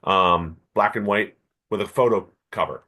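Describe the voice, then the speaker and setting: Low-voiced man telling stories. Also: a little slow. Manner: relaxed anecdotal storyteller. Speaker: podcast co-host. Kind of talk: casual chat, storytelling.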